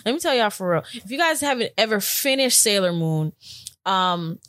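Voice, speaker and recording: A young woman co-hosting a podcast in casual chat, telling animated stories and acting out quotes. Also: mid-range voice, normal speed, no room sound, clean studio sound. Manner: animated storyteller, acts out quotes. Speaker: podcast co-host.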